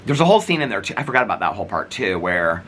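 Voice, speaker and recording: Deep-voiced man rambling to camera. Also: big pitch swings, very fast, fairly bright tone, slight background noise, poor audio. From United States. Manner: rambling, retells scenes acting out each line. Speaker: vlogger. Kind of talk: casual chat to camera.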